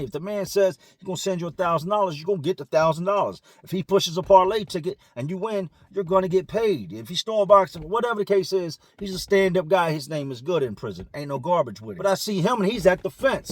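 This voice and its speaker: Guy telling a story real fast, casual slang, kinda higher voice, dry close sound. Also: dry recording. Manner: slangy, conversational, acts out quotes.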